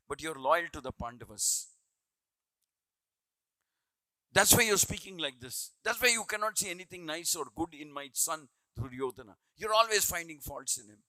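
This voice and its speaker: A man's voice: on the high side, pushed and bright, dry recording, low-quality recording. A man voicing an angry, suspicious old blind king who hurls accusations, as a quote in a scripture class. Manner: accusing, indignant questions.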